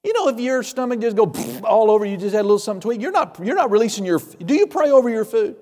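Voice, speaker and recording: A man's voice: sits high, lively intonation, fast talker, darkish tone. Emphatic preacher man in a reverberant hall. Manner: emphatic, repetitive, folksy humor. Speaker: pastor. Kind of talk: sermon.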